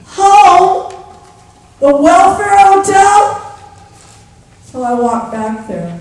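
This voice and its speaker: A woman's voice: very high voice, sing-song, extremely slow, exaggerated voice. A woman performing a poor young trailer-park mother in a live one-woman theatre monologue, confiding her story and addressing the listener by name. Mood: earnest. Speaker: stage character. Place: theatre stage. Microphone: distant stage mic. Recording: echoey theatre from far off.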